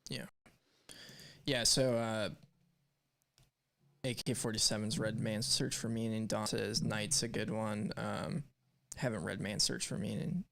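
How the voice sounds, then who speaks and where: A man with a low, gravelly voice co-hosts a live stream in an easygoing chat. He reads viewer messages aloud and talks in a rambling, candid way. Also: fairly even intonation, measured pace, pauses often, fairly bright tone, a little hiss or hum. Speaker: co-host of a live stream show. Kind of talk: casual chat.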